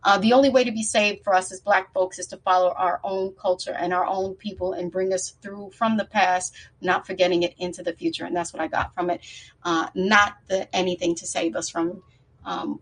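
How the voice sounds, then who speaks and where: A woman's voice: fairly low pitch, normal speed, poor audio. A woman on a podcast panel, talking with passion and building one point on another as she breaks down a film's symbolism. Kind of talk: casual discussion.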